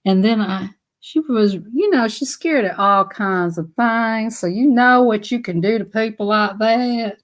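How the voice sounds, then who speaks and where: A woman's voice: on the high side, a little slow, few pauses. A woman telling casual stories on a live stream, chatty and laughing often as she acts out voices. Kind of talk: casual storytelling.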